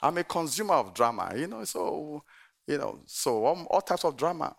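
A middle-aged man, a pastor, preaching a sermon with animated storytelling and frequent laughter. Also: on the high side, normal speed, creaky.

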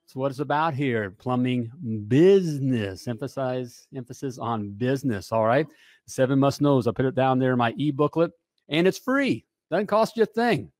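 A man's voice: medium pitch, expressive, moderate pace, a little mellow, no room sound, studio quality. A man in his fifties hosting a live talk show, talking with pumped-up energy and constant "hey" and "all right" asides.

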